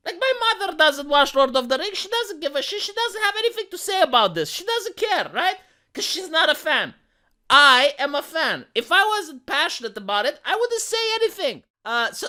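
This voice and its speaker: Youtuber going off on a rant, emphatic and sweary, bright edgy tone. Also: high-pitched. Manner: emphatic, profane, sarcastic. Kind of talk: ranting video commentary.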